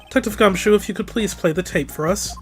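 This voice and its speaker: A stiff, deliberate male prosecutor with a put-on British accent , voiced by a let's player. He speaks every line with measured formality while quiet game music plays behind. The delivery is even and precise. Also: medium pitch, natural voice. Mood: composed. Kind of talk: let's-play voice acting of game text.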